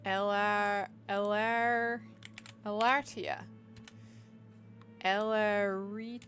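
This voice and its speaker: A woman talks loosely and cheerfully into her desk mic while she plays through a game on stream. She muses aloud and giggles easily, her pitch sitting in an ordinary middle range. Soft game music hums faintly behind her. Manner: chatty and giggly, musing aloud. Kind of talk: casual live-stream chat while gaming.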